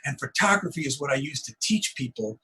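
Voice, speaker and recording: A middle-aged man, a wildlife photographer, telling stories in an interview, acting out the moments with rising excitement. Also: mid-range voice, a little fast, husky, rough recording. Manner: animated storyteller, acts out moments with rising excitement. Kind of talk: storytelling interview on a video call.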